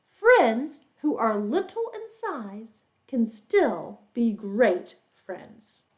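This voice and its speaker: A woman's voice: drawn-out words, dull audio. A woman English teacher reading a children's story aloud, explaining words and quizzing her young listeners. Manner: animated, adds roars and squeaks for the animals.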